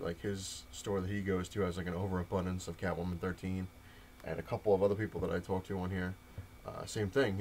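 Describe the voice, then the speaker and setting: A young man with a lowish voice tells a rambling story, packed with fillers and quoted back-and-forth. A faint hum sits under the recording. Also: darkish tone. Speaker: comic collector vlogger. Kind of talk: casual update rant to camera.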